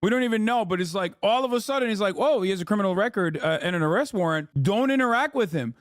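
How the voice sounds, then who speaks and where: A male streamer with a high-set voice gives casual reaction commentary. He sounds blunt and incredulous, swears freely, and is recorded dry and close with no room sound. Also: expressive, fast, no room sound.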